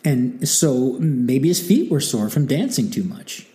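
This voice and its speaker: Here a history channel host speaks a little slowly at medium pitch, relating events in a relaxed, animated way, acting out quotes and dropping in many wry asides.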